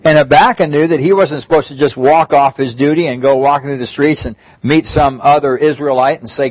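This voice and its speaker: A man's voice: fairly high pitch, fairly even intonation, brisk, few pauses, no echo. A man preaching a sermon in a conversational way, restarting phrases and lifting his voice on emphatic pleas, recorded with a dull, muffled sound. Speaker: pastor.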